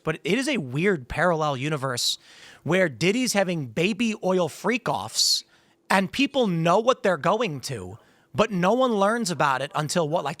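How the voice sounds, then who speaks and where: Rambling podcast host, dry close sound. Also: male voice, a little high, a bit bright, no echo. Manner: rambling, restarts sentences, tells anecdotes. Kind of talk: casual political chat.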